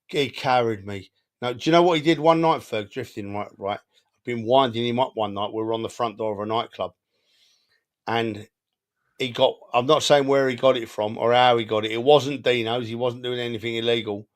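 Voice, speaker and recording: Brief: male co-host, mid-pitch, emotional and animated, repeats himself in casual football banter. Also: normal speed. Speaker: podcast co-host.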